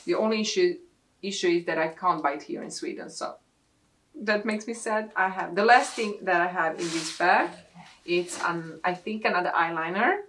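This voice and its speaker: Gushing woman vlogger, slightly low voice. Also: moderate pace, fairly bright tone, a little hiss or hum. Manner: gushing, repeats "love it" over and over. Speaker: beauty vlogger. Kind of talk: unboxing a gift box. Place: home desk.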